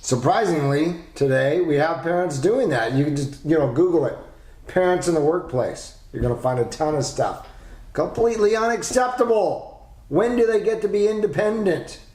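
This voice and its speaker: A man hosting a solo parenting podcast, talking emphatically and asking rhetorical questions with lively delivery. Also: a little high, normal speed. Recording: roomy echo.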